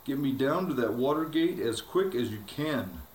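A man's voice: mid-range voice, expressive, moderate pace, darkish tone, close to an everyday voice. A man voicing a determined young runaway girl who gives urgent orders as he reads a storybook aloud. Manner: urgent and commanding. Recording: echoey room, faint background hiss.

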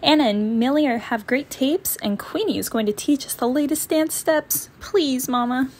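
A woman voicing an excited little girl bear cub who pleads in a bubbly way in a storybook read-aloud. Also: high-pitched, normal speed, voice pushed up. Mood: eager.

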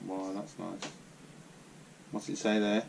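A man chatting gently with his young daughter, encouraging her and prompting her with questions. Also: on the low side, completely flat delivery, slow, vocal fry, a little hiss or hum. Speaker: father.

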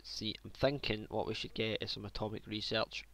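A man commentates his own strategy game in a loose, casual way. He mutters to himself, cracks jokes and swears freely, in a voice that sits on the low side. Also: fairly even intonation, moderate pace, gravelly, background noise. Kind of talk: casual let's play commentary.

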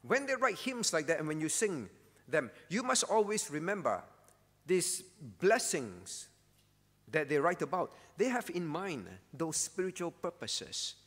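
A man preaches in an earnest, teaching way, often pausing to check that his listeners follow. His voice sits a touch higher than most men's. The church hall around him adds a long, ringing reverb. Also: very animated, a bit bright. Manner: earnest teaching, with frequent "all right?" check-ins and questions to the congregation. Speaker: pastor. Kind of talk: sermon at a prayer meeting.

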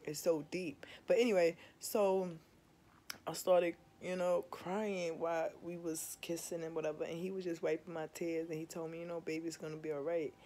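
A woman's voice: lowish voice, flat delivery, normal speed, dark tone. A young woman vlogging in a candid, emphatic, casual way, swearing freely and often checking in with her viewers. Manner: candid, emphatic, swears freely, keeps asking "you understand?". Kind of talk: casual confessional chat to viewers.

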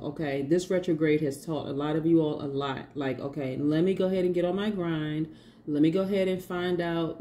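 A woman's voice: deep voice, mellow, a little hiss or hum. A woman giving a casual tarot reading, chatty and emphatic, repeating her points and laughing often. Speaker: tarot reader.

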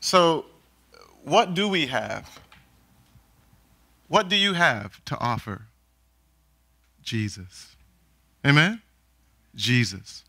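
A man's voice: fairly high pitch, very animated, extremely slow, gravelly, long pauses, sharp tone, slightly rough, no echo. A man preaching a sermon, often calling out questions for the congregation to answer. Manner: calls for responses from the congregation.

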